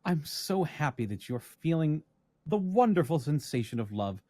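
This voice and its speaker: A gentle, loving lady who writes advice letters, voiced by a man. Her reading is earnest and lilting, with lively pitch that rises and falls. The sound is dry and close. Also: moderate pace, dry recording. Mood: caring.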